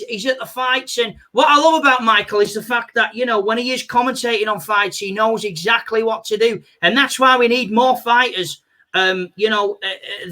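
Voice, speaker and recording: A male comedian, a guest on a video call, chatting casually in a rambling, animated way full of "you know". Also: extremely high pitch.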